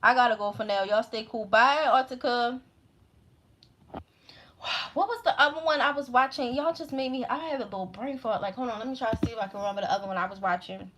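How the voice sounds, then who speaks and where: A woman's voice: a little high, brisk, fairly bright tone. A woman host with a Baltimore accent, chatting casually and rambling in slangy talk to her viewers. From Baltimore, USA. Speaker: astrology channel host.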